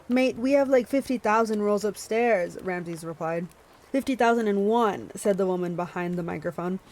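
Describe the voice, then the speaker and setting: A woman's voice: medium pitch, darkish tone, poor audio. Woman streamer reading a novel aloud. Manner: reads with small stumbles and self-corrections, chats to viewers between passages. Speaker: streamer hosting a book club.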